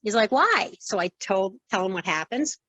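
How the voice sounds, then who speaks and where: Older woman telling a lively story. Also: mid-range voice, fairly quick, no room sound, poor audio. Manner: lively storyteller who acts out quoted dialogue. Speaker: former wrestling referee, interview guest. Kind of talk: conversational storytelling.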